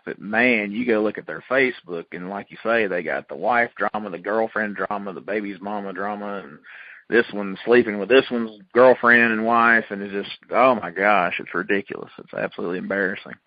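A man's voice: lowish voice, fairly quick, no room sound, muffled recording. A man hosting a casual radio talk show, folksy and emphatic, stretching his fillers.

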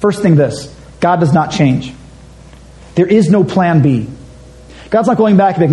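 A man's voice: high voice, lively intonation, unhurried, pauses often, mellow, rough recording. A man preaching a conversational, emphatic sermon as a pastor, reading scripture aloud and acting out quotes.

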